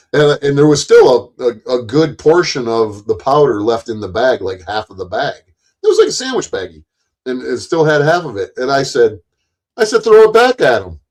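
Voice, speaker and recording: A man casually telling a long story in a rambling, profane way, often jumping louder and higher when he acts out quoted lines. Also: animated, moderate pace.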